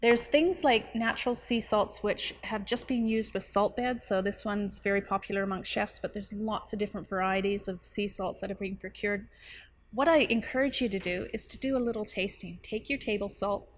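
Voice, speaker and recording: Woman, nutrition coach, casual to-camera chat, explains plainly, playful asides, quick to laugh. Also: medium pitch, steady tone, a little hiss or hum.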